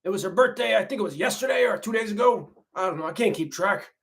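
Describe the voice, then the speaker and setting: A man putting on a high-pitched folksy grandma, rambling, repetitive, laid-back livestream host. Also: lively intonation, quick pace, creaky, a bit bright, heavily acted. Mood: chatty. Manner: rambling, folksy, repeats himself. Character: folksy middle-aged grandmother reality-TV wife, laid-back. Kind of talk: comedic parody livestream.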